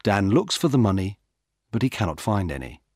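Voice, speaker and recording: A man narrating a simple storybook in a measured reading. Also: on the low side, very animated, darkish tone, no room sound, studio quality.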